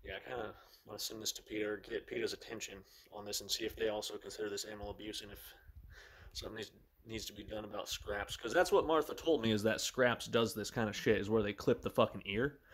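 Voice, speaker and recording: Male vlogger with a lowish voice, loose and profane delivery, phone-camera sound. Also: fairly even intonation, quick pace. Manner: rambling, heavy swearing. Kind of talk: casual vlog talk.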